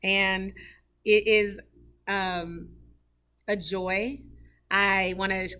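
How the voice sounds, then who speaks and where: A woman's voice: medium pitch, little pitch movement, very slow, pushed and bright, clean tone. A woman who teaches third grade, giving a heartfelt, rambling tour of her classroom, talking casually with lots of fillers. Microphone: camera she carries while touring.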